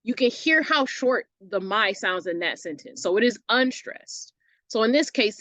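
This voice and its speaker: A woman teaching an online English lesson in a casual, chatty way, often checking in with "right?" and sounding out words slowly to show where the stress falls. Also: medium pitch, expressive, a bit bright, dry recording. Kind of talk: recorded lesson walkthrough.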